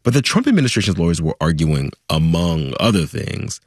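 Brief: male podcast host, low husky voice, lively delivery, dry studio sound. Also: fairly quick, no room sound. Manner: animated, chatty, explanatory. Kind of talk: conversational news podcast.

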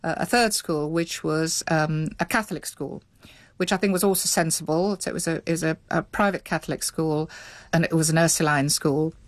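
Woman, low voice, middle-aged, reflective, hesitant, dry recording. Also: fairly even intonation, brisk, dry recording. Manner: thoughtful, hesitant, with many restarts. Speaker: interviewee. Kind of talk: reflective recollection.

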